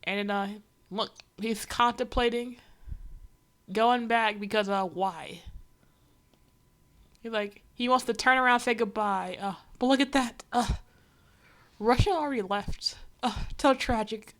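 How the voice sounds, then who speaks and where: Young female streamer, slightly high voice, wry exasperated reaction commentary. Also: a little slow, pauses often, a bit bright. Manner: sarcastic, exasperated asides.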